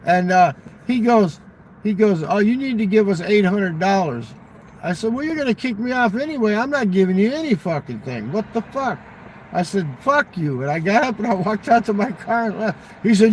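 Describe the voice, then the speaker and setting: A man's voice: sits high, animated, normal speed, a little hiss or hum. A man in casual chat, animatedly telling profane stories and acting out the dialogue. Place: fast-food restaurant.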